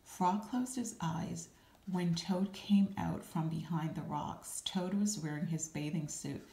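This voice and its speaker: Woman storyteller for children, calm and very slow, a bit low, echoey room. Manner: calm, unhurried, with small asides. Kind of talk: reading a children's storybook aloud. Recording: roomy echo.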